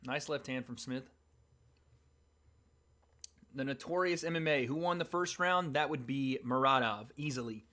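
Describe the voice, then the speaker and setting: A man hosting a livestream, reacting live to a fight with casual, excited play-by-play. He calls the action in an everyday way and breaks into sudden cheers at big moments. His voice sits at a medium pitch. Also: a little slow, long pauses. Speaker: livestream host.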